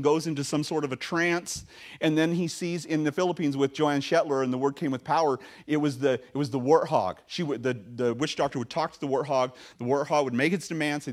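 With a mid-range voice, this male pastor preaches animatedly and conversationally, his sermon peppered with fillers and frequent restarts.

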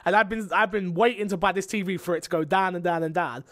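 This man has a British accent and talks fast and animated, winding himself up as he tells a story. His voice sits high for a man. He is recorded close and dry, with no room sound. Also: no room sound. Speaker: podcast co-host. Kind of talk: casual chat.

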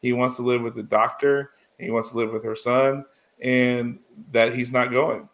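A man's voice: medium pitch, little pitch movement, normal speed, a bit bright. Rambling man in casual chat. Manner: rambling, full of "you know" and restarts, emotional. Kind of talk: casual chat recapping a TV episode.

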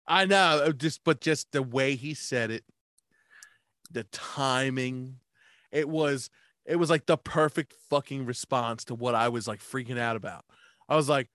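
A man telling stories in a casual chat, animated, swearing a lot and laughing often. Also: medium pitch, unhurried, dry recording, studio quality. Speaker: podcast co-host.

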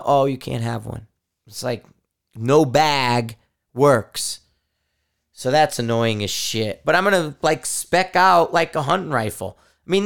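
A man's voice: on the high side, gravelly, a bit bright, clean tone. Frustrated, cursing male podcast host. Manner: frustrated, profane, rambling. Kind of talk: casual solo rant.

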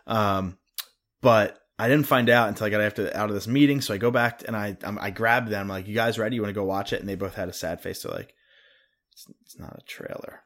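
A man's voice: lowish voice, fast, a bit bright. A young adult man co-hosting a podcast, chatting casually and acting out quoted coworkers as he tells stories. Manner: storytelling, acts out quoted coworkers. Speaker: podcast co-host. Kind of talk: casual chat.

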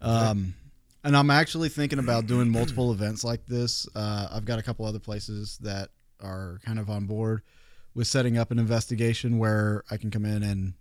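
A man's voice: lowish voice, fairly even intonation, normal speed, no room sound, clean studio sound. A man talking casually as a podcast guest, rambling with many fillers and restarts. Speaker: guest paranormal investigator.

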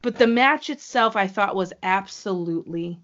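A woman co-hosting a casual podcast, excitable and gushing as she talks. Her voice sits at an ordinary pitch for a woman. The recording sounds dull and lo-fi. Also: normal speed. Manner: excitable, gushing fan talk. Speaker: wrestling show co-host.

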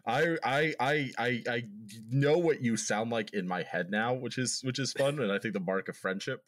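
A man co-hosting a podcast in casual chat. He throws in quick joking asides and swears freely. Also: medium pitch, a bit bright. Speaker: podcast co-host.

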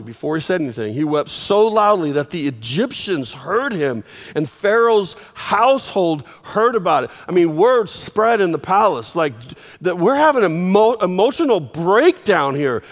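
High-voiced preacher guy, animated storytelling sermon, long echo from a big hall. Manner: animated storytelling with sudden swings in volume. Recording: long reverb of a large hall.

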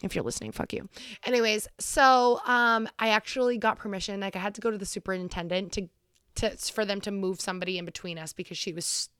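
A woman's voice: mid-range voice, steady tone, brisk, a bit bright, smooth, no room sound, clean studio sound. Profane young woman telling a story. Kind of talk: casual storytelling chat.

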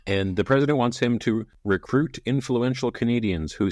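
A man co-hosting a casual book podcast, wry and quick to laugh as he retells scenes. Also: medium pitch, darkish tone, no room sound, studio quality. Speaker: podcast co-host. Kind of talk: casual book-club chat.

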